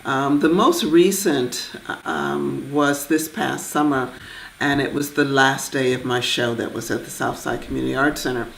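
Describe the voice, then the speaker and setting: A middle-aged woman, a visual artist and writer, telling a personal story in a reflective, animated way with pauses. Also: rumbling low, vocal fry, slight background noise. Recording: echoey room.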